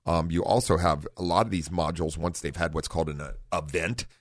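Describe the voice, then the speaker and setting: A middle-aged man hosting a car talk radio show in a studio, relaxed and rambling, often correcting himself. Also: low voice, fairly quick, no room sound. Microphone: studio microphone.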